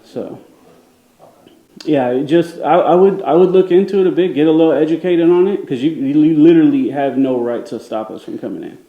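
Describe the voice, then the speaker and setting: A man's voice: on the high side, brisk, reverberant, highs cut off. A man filming as a citizen journalist in a government office lobby, assertively lecturing a guard about the law and laughing it off. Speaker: self-described journalist filming a public office. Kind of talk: confrontational on-camera argument. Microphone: handheld camera.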